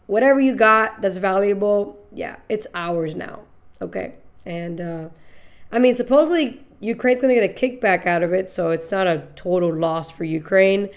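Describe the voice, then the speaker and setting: A woman's voice: medium pitch, normal speed. A young woman hosting a podcast, chatting loosely about the news, joking and laughing often, with casual swearing. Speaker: podcast host. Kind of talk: casual political commentary.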